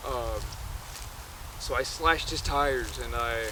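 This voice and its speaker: A man's voice: medium pitch, slow pace. A man casually retelling a film plot, rambling and constantly correcting himself. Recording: noisy outdoor background.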